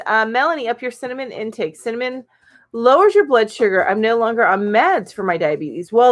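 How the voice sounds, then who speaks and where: A middle-aged woman hosting a casual live-stream chat, reading viewer comments aloud and chatting about them with lots of ums and little laughs. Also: fairly high pitch.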